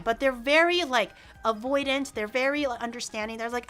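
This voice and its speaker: A young woman streamer telling a story in an animated, casual way, full of "like" fillers and acting out the people in it. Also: a little high, a little fast, few pauses, soft background music. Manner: frequent "like" fillers.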